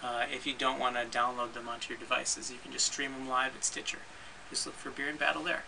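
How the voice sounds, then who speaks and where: A man hosting his podcast, casually walking through his recording and editing setup in a relaxed, rambling way with frequent restarts. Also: medium pitch, fast talker, gravelly, a little hiss or hum, poor audio. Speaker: podcast host and editor. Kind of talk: casual gear walkthrough.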